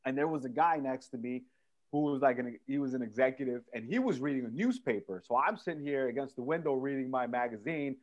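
A man co-hosting a comedy podcast, telling a story in a casual, animated way and acting out the people in it. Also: medium pitch, fast talker, lo-fi sound. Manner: animated, acts out voices in anecdotes. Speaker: podcast co-host.

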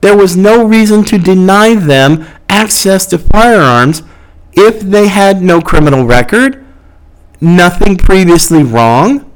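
Guy hosting a podcast, high voice, slow deliberate ranting monologue. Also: animated, rough recording. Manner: impassioned, argumentative, with mocking quotes. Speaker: podcast host. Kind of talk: political commentary monologue.

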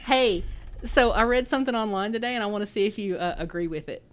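A woman's voice: medium pitch, fast, slight background noise. A woman in her thirties with a Texan accent, chatting casually as a podcast co-host, rambling and laughing often. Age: 30s. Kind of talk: casual chat.

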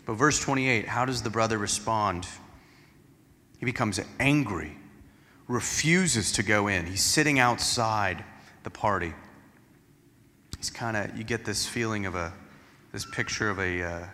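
A man's voice: on the low side, a little slow, long pauses, bright, forceful tone, long reverb tail. A male pastor preaching an expository sermon in a church sanctuary, explaining each passage and acting out the quotes.

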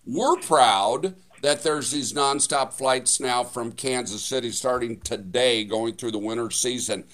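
A man's voice: medium pitch, a little slow, fairly bright tone. A man hosting a radio show, talking enthusiastically in a chatty way with many fillers and restarts. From United States. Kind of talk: casual radio chat.

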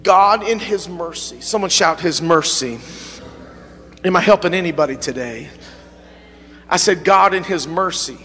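A man preaching a sermon as pastor in a church, speaking with fervent call-and-response, sometimes quiet and sometimes swelling into passionate peaks. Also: high voice, moderate pace, long reverb tail. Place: church sanctuary.

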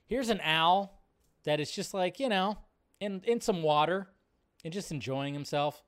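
A male show host with a fairly high voice chats casually into a desk mic. He rambles, drops into low mumbles, then bursts out loud and excited. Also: unhurried, smooth. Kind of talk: casual live commentary.

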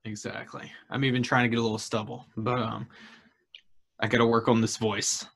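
Husky laughing podcast guest, man. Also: medium pitch, level tone, fairly quick, a bit bright. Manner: laughing, easygoing. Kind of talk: casual podcast banter. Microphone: video call.

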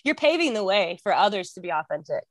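A woman's voice: medium pitch, big pitch swings, fast, a crowd in the background. A young woman chatting casually as a podcast guest, talkative and laughing often, with frequent swearing.

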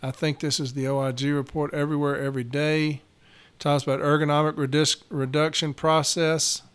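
A man talks straight into his own podcast, blunt, profane and quick to get fired up. His voice sits a little high for a man and comes through smooth and clear. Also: a bit bright. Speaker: union steward podcaster. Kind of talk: casual podcast monologue.

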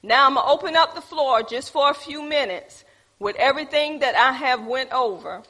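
A woman's voice: high-pitched, moderate pace, pushed and bright. A woman teaching a church group, preachy and calling on the audience. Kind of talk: teaching talk with congregation.

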